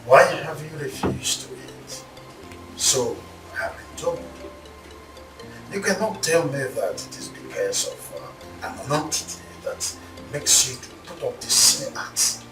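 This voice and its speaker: A man's voice: a little high, expressive. An actor playing a stern, commanding father who forces his daughter to marry, with a Nigerian accent. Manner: cold, commanding, measured. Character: stern wealthy father forcing a daughter's marriage. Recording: roomy echo, heard from a distance, music behind.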